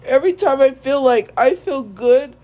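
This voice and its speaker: A young woman streamer speaking to viewers in a tearful, halting way, grief-stricken and repeating herself. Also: high voice, animated, darkish tone, muffled recording. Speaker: live streamer. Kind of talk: emotional monologue to viewers.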